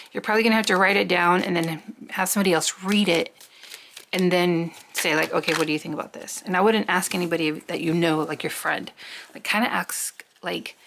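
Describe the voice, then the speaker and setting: A woman's voice: fairly low pitch, gravelly, fairly bright tone. A woman giving a casual tarot reading, chatty and rambling, often talking to herself and swearing offhandedly. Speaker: tarot reader.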